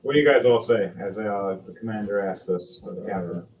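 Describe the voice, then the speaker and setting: A man narrating as game master in a relaxed, conversational way, with quick asides to the players. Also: fairly low pitch, lo-fi sound, faint music behind.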